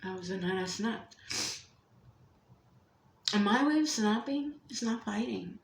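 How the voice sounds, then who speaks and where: A mother telling a painful personal story, swearing often and shifting between hushed whispers and loud outbursts. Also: mid-range voice, lively intonation, unhurried, gravelly, echoey room.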